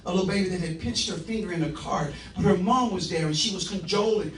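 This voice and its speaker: A man's voice: sits high, fast talker, slight background noise. A man giving impassioned personal testimony at a city council meeting, telling his story earnestly and building to fervent emphasis. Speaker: speaker giving public testimony. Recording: echoey room from far off.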